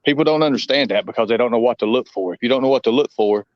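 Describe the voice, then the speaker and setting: A man's voice: medium pitch, racing, dry recording. Rambling Southern man on a dull line. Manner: rambling, emphatic, with many fillers. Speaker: guest on a live stream. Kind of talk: casual live-stream chat.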